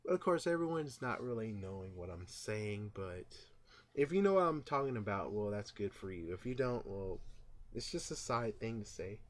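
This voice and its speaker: A man vlogging his casual, rambling thoughts on a movie, full of fillers and asides, who gets louder when retelling scenes. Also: fairly low pitch, expressive, moderate pace. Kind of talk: casual movie reaction vlog.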